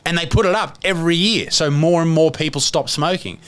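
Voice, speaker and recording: A man's voice: fairly high pitch, fairly quick, fairly bright tone, clear, resonant tone. An Australian man hosting a podcast in casual, swearing chat, laughing easily. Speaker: podcast host.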